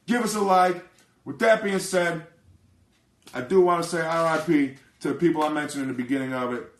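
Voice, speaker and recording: A man hosts his own sports podcast in a loose, profane rant. His voice sits a little high and bounces around an echoey room. He swings into heated, swearing outbursts and talks casually. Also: fairly even intonation, normal speed. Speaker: podcast host.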